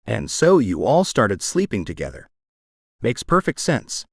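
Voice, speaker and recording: A man voicing a tiny, bold foreign woman with a husky rasp and a teasing, unbothered manner. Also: fairly low pitch, wildly swooping pitch, unhurried, dry recording, clean studio sound, heavily acted.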